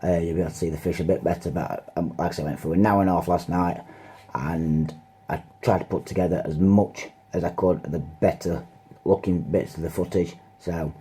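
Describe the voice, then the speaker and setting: A man's voice: low voice, fairly even intonation, a little fast, warm tone, breathy edge. A man talking casually to camera as a fishing vlogger, rambling with lots of fillers. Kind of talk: casual vlog talk to camera. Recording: car noise in background.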